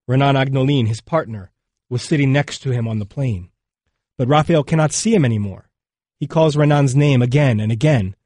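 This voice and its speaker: A man narrates a documentary in a measured, somber voice at a middling pitch. The sound is close and dry, with no room around it. Each sentence is weighed and left to settle before the next one. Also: dark tone, no room sound. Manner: measured, somber, unhurried delivery.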